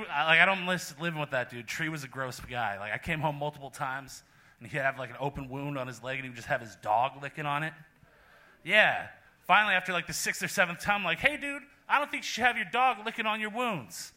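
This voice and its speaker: Young guy from portland doing standup, really bright tense voice, kinda high, deadpan. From Portland, Oregon. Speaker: stand-up comedian. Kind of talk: stand-up set. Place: small live comedy venue.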